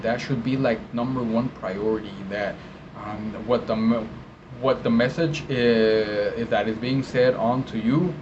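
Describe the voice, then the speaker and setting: A man who works as an interpreter gives casual, conversational teaching on interpreting, with plenty of fillers and tag questions. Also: medium pitch. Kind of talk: casual instructional talk. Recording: dull sound with steady background noise.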